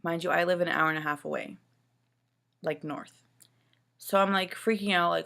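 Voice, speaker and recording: Creaky-voiced woman venting a story. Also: on the low side, steady tone, normal speed, fairly bright tone. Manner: rambling, full of "like" and "you know"; upset and exasperated retelling. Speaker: new mother telling her story. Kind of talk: casual personal storytelling.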